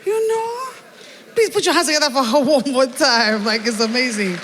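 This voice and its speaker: A bubbly Nigerian woman emcees a live event, cracking jokes and playing with words. Her voice is high and bright. It carries through a PA with the long echo of a big hall. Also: normal speed, a little hiss or hum. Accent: Nigerian English. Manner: bubbly, joking, playful with made-up words. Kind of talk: live stage hosting.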